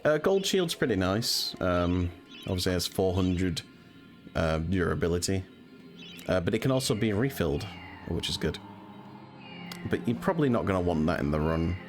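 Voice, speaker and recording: Low-voiced man commentating his game. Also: moderate pace. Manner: relaxed, rambling, with frequent ums and uhs. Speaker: speedrunner streamer. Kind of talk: casual gameplay commentary. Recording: voice over game music.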